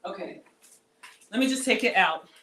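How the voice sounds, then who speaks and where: A woman talks through a live cooking stream from her home kitchen. She chats warmly and directly to the viewers, reading their comments aloud as she goes. Her voice sits at an ordinary middle pitch. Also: animated, moderate pace, background noise. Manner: chatty, talks straight to viewers, reads out comments. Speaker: cooking channel host.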